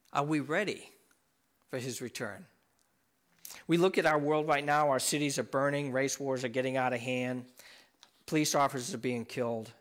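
Middle-aged male preacher, bright edgy tone, heated sermon delivery with surges and drops. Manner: impassioned, swings from loud and high to low and quiet; repeats words and restarts when emphatic.

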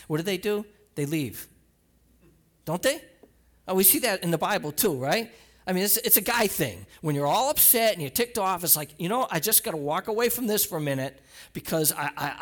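A pastor preaching a conversational sermon, retelling scripture in a casual storytelling way and speaking straight to the congregation with many restarts and asides. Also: male voice, on the high side.

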